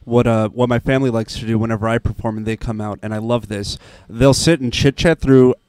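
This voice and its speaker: A stand-up comedian guest, a man making wry, dry-humored remarks in casual podcast talk. His voice is smooth and resonant and sits in a middle pitch. The recording is close and dry. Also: steady tone, fairly quick, a little mellow, no room sound.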